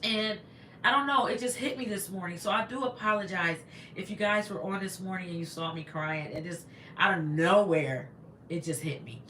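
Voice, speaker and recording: A woman's voice: fairly low pitch, moderate pace, a bit bright, reverberant, slight background noise. A woman, a teacher, chatting casually on a livestream, greeting viewers and rambling with stumbling restarts into a laptop microphone.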